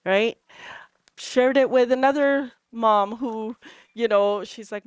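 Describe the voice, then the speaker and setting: A woman's voice: a little high, takes it slowly, clean tone, dry recording, clean studio sound. A middle-aged woman from Canada telling personal testimonial stories to a group in a chatty way, with many fillers and laughing at herself. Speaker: entrepreneur sharing testimonials. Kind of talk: casual storytelling to a group.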